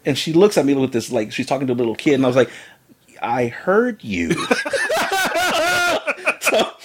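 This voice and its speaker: A man's voice: mid-range voice, fairly quick, heavy background noise. A man telling a funny personal story in casual chat, acting out the lines of others and laughing as he goes. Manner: animated, breaks into laughter, acts out quotes.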